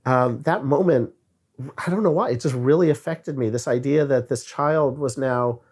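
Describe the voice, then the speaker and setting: A man in a podcast conversation, speaking at an everyday mid-range pitch. He is reflective and unhurried, and he often pauses or restarts to find the right word. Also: darkish tone, breathy edge. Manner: reflective, searching for words. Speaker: guest filmmaker.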